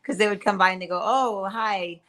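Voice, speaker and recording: A middle-aged woman co-hosting a casual chat, telling rambling stories with restarts and quick laughs. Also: mid-range voice, little pitch movement, bright, forceful tone. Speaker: co-host.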